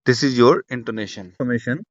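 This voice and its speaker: A man's voice: mid-range voice, quick pace, no echo. A man teaching an online exam prep class, talking loosely and repeating himself with many restarts. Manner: repetitive, restarts a lot, lots of fillers. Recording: dull, dry lo-fi sound.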